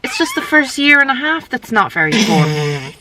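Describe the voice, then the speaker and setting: A woman's voice: high voice, big pitch swings, normal speed, heavy background noise. A woman in her thirties vlogging casually on a road trip, chatty and laughing often at herself. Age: 30s. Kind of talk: casual vlog chat. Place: in a car on a rainy road trip.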